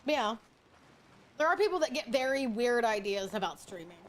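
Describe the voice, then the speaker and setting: High-voiced, profane woman streamer. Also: big pitch swings, moderate pace. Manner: chatty, profane, greets chatters affectionately. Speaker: VTuber streamer. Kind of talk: casual gaming stream chat.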